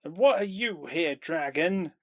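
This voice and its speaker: A man's voice: fairly high pitch, lively intonation, a little slow, dry recording. A game master voicing a suspicious, alarmed male war leader in a live tabletop game. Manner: demanding, alarmed.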